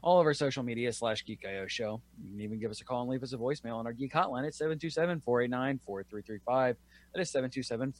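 A man hosting a casual group podcast, rambling through plugs and chat and swearing freely. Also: medium pitch. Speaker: podcast host.

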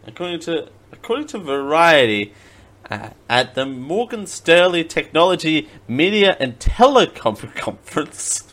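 A man's voice: a little high, big pitch swings, a little slow, a bit bright. A man hosting a casual comedic live stream, laughing often and making silly mouth sound effects. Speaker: live-stream show host.

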